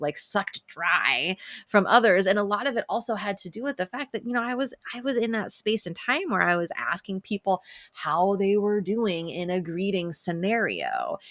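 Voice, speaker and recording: A woman's voice: medium pitch, fairly bright tone, no echo. A woman giving brash, profane self-help advice in a casual monologue, laughing often and quoting others in a playful sing-song.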